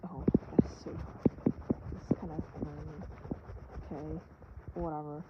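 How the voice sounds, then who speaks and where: Rambling young adult vlogger over loud noise. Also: medium pitch, level tone, unhurried, long pauses, highs cut off. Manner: rambling, self-mocking, with hushed asides. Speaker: vlogger doodling on stream. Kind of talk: casual rambling chat while drawing. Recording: loud background noise with clicks.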